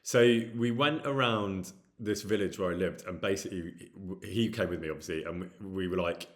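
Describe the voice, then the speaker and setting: Low-voiced man with a light Midlands accent. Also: a little fast. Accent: light Midlands English. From England. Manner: rambling and candid, many ums and restarts. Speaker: actor streaming with chat. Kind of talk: casual chat answering viewer questions.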